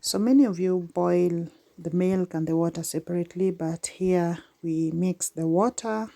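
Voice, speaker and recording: Gravelly woman vlogging. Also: fairly low pitch, moderate pace, warm tone. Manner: chatty, speaks straight to viewers. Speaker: village life vlogger. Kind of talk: casual narration to viewers.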